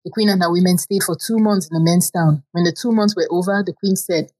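Husky low-pitched woman telling a folk tale. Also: fast talker, hardly any pauses, rough recording. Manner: plain, steady storytelling with simple repeated phrasing. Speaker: storyteller. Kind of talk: reading a folk tale aloud.

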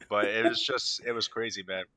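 A man's voice: fairly low pitch, sharp tone, no echo. Co-host, easygoing man, dry close mic. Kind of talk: casual chat.

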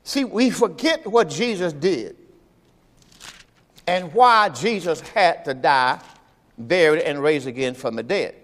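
With a slightly high, bright, animated voice, this pastor takes his sermon slowly and pauses often. He preaches in a folksy way, repeating lines and drawing call-and-response from the congregation in the church sanctuary mid-service, all under long church reverb.

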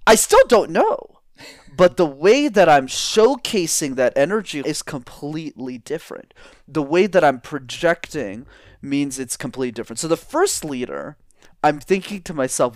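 Animated man coaching on speaking. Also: a little high, moderate pace, no room sound, studio quality. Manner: animated, demonstrates vocal tones. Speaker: communication coach guest. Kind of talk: energetic interview talk.

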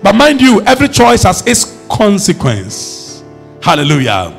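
A man preaching a sermon, emphatic and rising to shouts as he calls on the congregation to respond. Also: high voice, huge pitch swings, unhurried, gravelly, soft background music.

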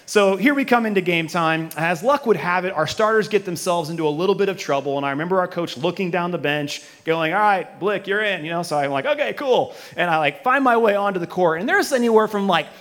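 A man with a high speaking voice preaching in front of a live congregation. His delivery is casual and full of self-mocking humor, and he slips into acted-out replays of his own past reactions as he tells the story. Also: fairly bright tone, long reverb tail. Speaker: pastor. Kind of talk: sermon with a personal story. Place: church auditorium with a live congregation.

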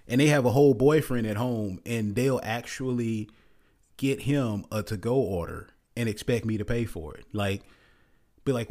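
A man's voice: medium pitch, moderate pace, a little mellow. A man giving a blunt, exasperated rant in a casual commentary, often repeating himself and restarting his sentences.

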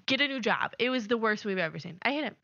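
A woman's voice: a little high, animated, very fast, gravelly, bright, forceful tone, dry recording, highs cut off. A young woman co-hosting a casual podcast chat, blunt, emphatic and scornful in her opinions. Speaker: podcast co-host.

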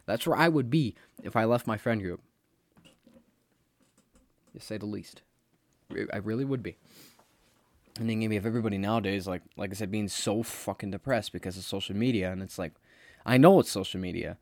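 Here a young podcast host delivers a casual solo monologue, blunt, rambling, and freely cursing. He speaks briskly in a fairly low, slightly mellow voice, pausing often, with no echo.

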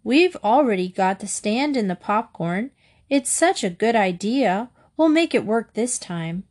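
A woman's voice: mid-range voice, expressive, a little slow, a little mellow, natural voice. A woman voicing a stubborn, determined young girl in a storybook reading. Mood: insistent.

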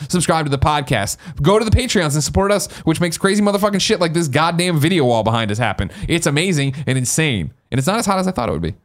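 Lively, boisterous male podcast host. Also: a little high. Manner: boisterous, profane, playful. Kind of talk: casual podcast chat reading listener mail. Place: podcast studio.

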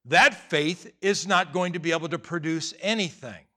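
Male pastor, bright slightly high voice, chatty joking sermon delivery. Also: normal speed. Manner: conversational preaching with humor and acted asides.

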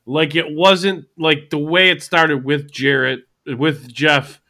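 A man's voice: fairly high pitch, steady tone, takes it slowly, gravelly, pushed and bright. A man hosting a casual podcast chat, rambling and thinking aloud as he talks. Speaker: podcast host.

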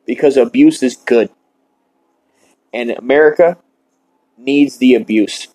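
A man hosting a podcast, delivering a shock-comedy monologue in a deadpan, mock-earnest rant while smoking. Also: medium pitch, slow pace, low-quality recording. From Ireland. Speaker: podcast host.

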